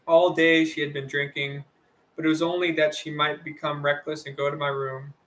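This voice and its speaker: Man, audiobook narrator, first-person novel, bright voice, flat measured delivery. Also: on the high side. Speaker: audiobook reader.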